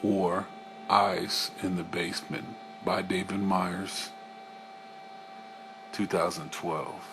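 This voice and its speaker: A man reading a first-person story aloud as an audiobook narrator, in a slow, unhurried way. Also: deep voice, flat delivery, noisy background. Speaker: audiobook reader.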